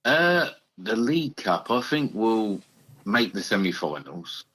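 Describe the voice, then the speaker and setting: A man's voice: fairly low pitch, sing-song, slow pace, fairly bright tone, slightly rough, low-quality recording. A man calling a fan phone-in, easygoing and giving brief answers. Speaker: caller. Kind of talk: casual phone call.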